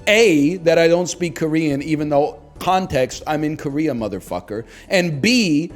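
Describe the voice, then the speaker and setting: Man, thirties, casual streamer chat, profane, self-deprecating, rambling, a bit high-pitched. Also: animated, a little slow, hardly any pauses, faint music behind. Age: 30s.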